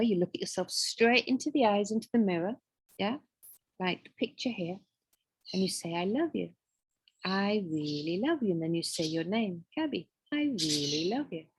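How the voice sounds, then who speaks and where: A woman with a soft, husky voice and as her leads a small wellbeing class. She speaks in a gentle, encouraging way and checks in with her listeners every few phrases. The sound is dry and close, with no room echo. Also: mid-range voice. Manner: gentle, checks in often with "yeah?" and "right?". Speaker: wellbeing course teacher. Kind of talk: guided group class talk.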